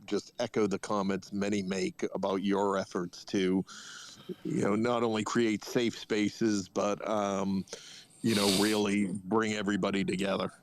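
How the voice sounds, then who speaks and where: Casting note: low monotone man, earnest and warm in words, faint hiss behind. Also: unhurried. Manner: earnest, complimentary. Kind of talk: casual chat.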